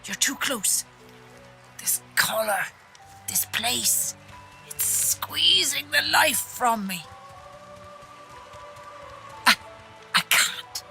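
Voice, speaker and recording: A woman's voice: a little high, slow pace, sharp tone, faint music behind. A frantic woman choking in panic. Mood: panicked. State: out of breath. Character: panicked collared woman gasping for breath.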